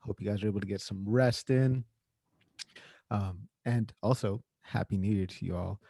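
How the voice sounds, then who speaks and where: A relaxed man hosts a casual online get-together over a video call. His voice sits low and sounds mellow. The sound is dry and close, with no room around it. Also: normal speed, vocal fry, dry recording. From Canada. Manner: laid-back, says "man" often, fillers. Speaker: host.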